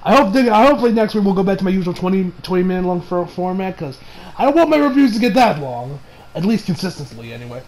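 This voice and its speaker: A man's voice: sits high, sing-song, quick pace, darkish tone, low-quality recording. A young man casually reviewing an anime episode, rambling, swearing and often breaking into laughter.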